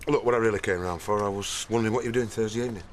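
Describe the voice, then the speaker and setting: An actor playing a shy, stammering older suitor. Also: male voice, on the low side, steady tone, rapid-fire, slight background noise, close to an everyday voice. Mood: bashful. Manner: hesitant, bashful, stammering. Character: shy awkward middle-aged man asking a woman out.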